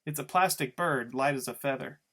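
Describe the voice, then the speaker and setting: A man's voice: medium pitch, fairly quick, a bit bright. A man reading a novel aloud as an audiobook, telling the story in a casual first-person voice. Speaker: audiobook reader.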